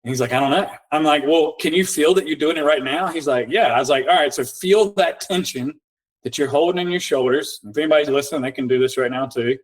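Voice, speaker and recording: A man with a slightly raised pitch talks as a coach on a podcast. He tells client stories in a casual, animated way, voicing both himself and the client. He slows into calm, guiding instructions when he walks the listener through an exercise. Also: low-quality recording. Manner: animated storyteller acting out both sides of conversations. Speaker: podcast guest, nervous system coach. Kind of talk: casual storytelling in a podcast interview.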